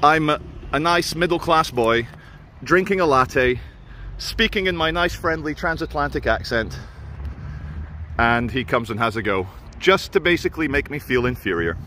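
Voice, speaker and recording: A man narrates as he walks suburban streets with a handheld camera, chatty, opinionated and quick with sarcasm. His voice sits a little high for a man. Faint traffic and street noise run underneath. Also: lively intonation, pushed and bright. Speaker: vlogger filming a walk. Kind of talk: walking vlog narration.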